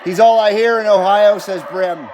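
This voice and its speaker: A man's voice: high-pitched, fairly even intonation, normal speed, darkish tone, a little hiss or hum. A man in his fifties hosting a CB radio live stream, chatting casually and jokingly with viewers and calling out on the air. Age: 50s. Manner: laid-back, jokey, talks to viewers and calls out on air. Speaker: CB radio livestream host.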